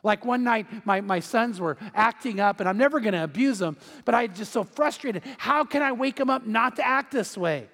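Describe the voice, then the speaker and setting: A man's voice: very high-pitched, animated, moderate pace, few pauses, fairly bright tone. A middle-aged male pastor preaching a sermon in a conversational way, acting out quotes and family stories. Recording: long hall reverb.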